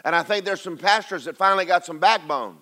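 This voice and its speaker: A man's voice: sits high, fast talker, pushed and bright. A male pastor preaching a sermon, emphatic and repeating lines for stress as he calls out to the congregation.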